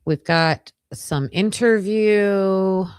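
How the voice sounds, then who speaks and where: A woman's voice: mid-range voice, extremely slow, darkish tone, clear, resonant tone, no echo, clean studio sound. A woman hosting a casual true-crime livestream, reading case documents aloud and thinking aloud as she skims pages, with hesitant restarts.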